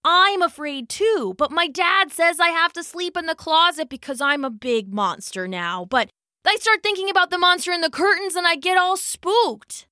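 A woman performs a nervous horned closet monster in a very high voice, pitched above her natural one. The delivery is bright and forceful at a normal speed, in a dry, clean studio recording.

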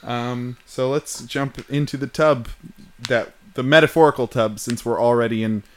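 A man's voice: medium pitch, steady tone, normal speed, a little hiss or hum. Jokey man hosting a podcast. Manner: jokey, rambling. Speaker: podcast host. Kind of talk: casual podcast banter.

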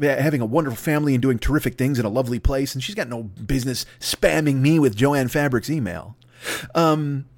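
A man's voice: high voice, no echo. A man in his fifties ranting alone at a desk, rambling, exasperated and full of swearing. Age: 50s. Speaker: podcast host. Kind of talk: solo comedic rant.

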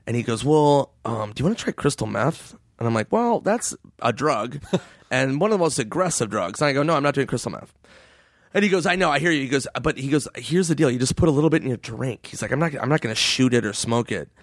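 A man's voice: mid-range voice, lively intonation, fast, no echo, studio quality. A man, a comedian guest, telling stories in casual chat, acting out quoted voices and laughing as he swears.

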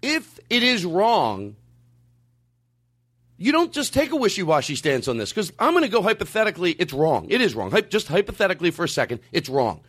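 A man hosting a comedy podcast, ranting emphatically and with profanity, swinging from calm explaining to shouting. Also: high-pitched, fairly quick, breathy edge. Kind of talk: comedic rant.

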